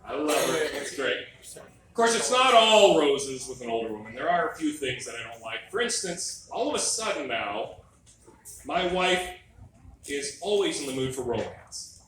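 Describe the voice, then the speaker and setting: A middle-aged man doing a stand-up comedy set in a club, wry and animated, teasing the crowd. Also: on the high side, normal speed, a little hiss or hum. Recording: live club mic, echoey room, distant.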